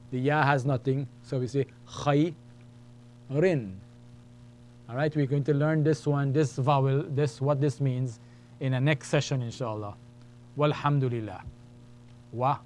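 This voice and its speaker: A man's voice: mid-range voice, a little mellow, a little hiss or hum. A man teaching a beginners' lesson, patiently explaining and repeating each point step by step. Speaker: Arabic teacher. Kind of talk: classroom lesson.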